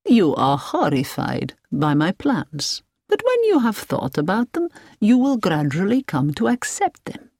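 A woman voicing a calm, businesslike elderly man who speaks slowly and soothingly while holding someone captive. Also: fairly high pitch, no room sound, clean studio sound, voice pushed up, exaggerated voice. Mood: calmly menacing. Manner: slow, measured, soothing.

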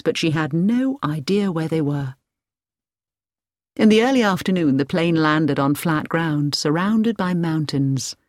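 Lively woman storyteller. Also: fairly low pitch, dry recording, studio quality. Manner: steady, measured reading. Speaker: narrator. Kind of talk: storybook narration.

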